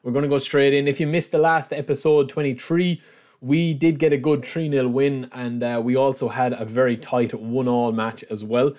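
Young male gamer, casual commentary, loud outbursts at big plays. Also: mid-range voice, normal speed. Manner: excitable, reacting loudly to plays. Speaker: gaming YouTuber.

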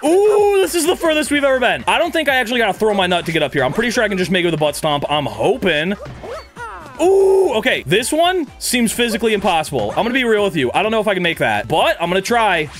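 A young man streaming a game, talking to chat in a high, lively voice. He is crude and jokey, and he keeps breaking into yelps and shouts. Faint game music plays underneath. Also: fast talker. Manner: loud, excitable, frequent yelps and shouts. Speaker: gaming YouTuber. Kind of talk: energetic gameplay commentary.

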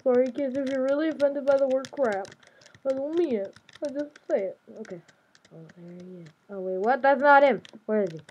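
A woman's voice: sits high, brisk, darkish tone, breathy edge, dull audio. Chatty young woman narrating her gameplay. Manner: chatty, playful, talks to herself while playing. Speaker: gaming YouTuber. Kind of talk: casual gameplay commentary. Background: keyboard and mouse clicks.

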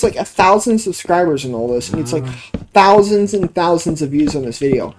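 A man's voice: on the high side, expressive, fairly quick, a little hiss or hum, poor audio. A man giving casual gameplay commentary on a cheap home microphone, rambling and swearing when things annoy him. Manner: rambling, profane, easily exasperated. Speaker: let's play gamer. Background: background music.

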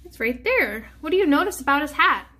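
A woman, a preschool teacher, reading a picture book aloud to children and pausing to ask them questions. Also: high voice, big pitch swings. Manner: gentle, asks children questions. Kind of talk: children's story time read-aloud.

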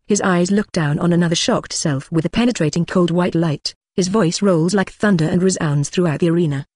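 A narrator reads a translated fantasy novel in an even, unhurried way that sounds machine-made. The voice sits in a middle pitch. The sound is dry and close, with no room around it. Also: no room sound. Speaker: audiobook narrator.

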